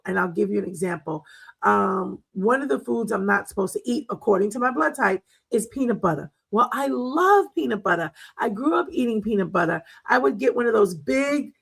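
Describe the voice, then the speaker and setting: A middle-aged woman hosts a casual wellness talk, chatting and telling family stories with plenty of ums and laughs. Her voice has a gravelly fry and a husky edge, at an ordinary pitch for a woman. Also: a bit bright, poor audio. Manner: chatty, storytelling, laughs often, many fillers. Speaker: wellness show host.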